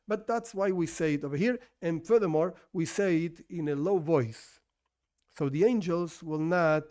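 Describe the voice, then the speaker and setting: A man with a high voice teaches an informal Torah lesson. His first language is not English, and he talks in a loose, conversational way. He restarts his sentences and keeps posing questions only to answer them himself. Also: a little mellow. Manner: conversational, self-correcting, asks and answers his own questions.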